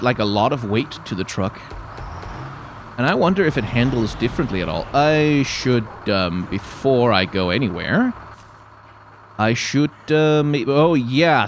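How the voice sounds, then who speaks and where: A man's voice: mid-range voice, a little hiss or hum. Danish man musing over gameplay. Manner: rambling, thinking aloud, reads on-screen tutorial text. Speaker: YouTuber playing a driving game. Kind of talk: casual gameplay commentary.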